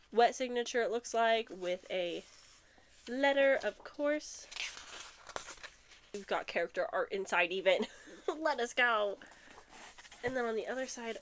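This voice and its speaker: A young woman vlogging a book unboxing in a casual, chatty way, excitable and giggly, a bit out of breath. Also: mid-range voice, a little hiss or hum. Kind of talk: casual chat and reading blurbs aloud.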